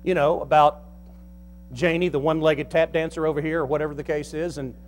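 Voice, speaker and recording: A man preaching a sermon as pastor, folksy and joking, quizzing the congregation and slowing down to stress key lines. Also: fairly high pitch, fairly even intonation, slight background noise.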